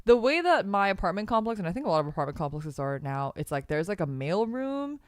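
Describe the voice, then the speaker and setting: Dry-miked woman host, lively voice. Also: medium pitch, quick pace, dry recording. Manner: rambling storyteller, many fillers, bursts into laughter. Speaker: podcast host. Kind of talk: casual chat on a streamed podcast.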